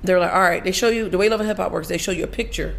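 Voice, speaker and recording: A woman guest on a casual interview show, telling a story in a profane, animated way with frequent laughter. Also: fairly low pitch, rapid-fire, creaky. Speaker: podcast guest.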